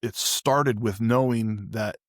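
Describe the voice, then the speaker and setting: A man's voice: lowish voice, steady tone, slow, no room sound, clean studio sound. A man hosting a podcast, telling a personal story in a candid, rambling way with frequent restarts. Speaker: podcast host. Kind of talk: casual storytelling.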